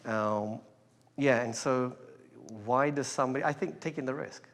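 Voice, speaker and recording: A man's voice: medium pitch, moderate pace. English-raised man telling stories in a hall. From England. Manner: relaxed storytelling, laughs often, many fillers. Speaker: guest entrepreneur. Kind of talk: conversational interview. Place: hall before a live crowd.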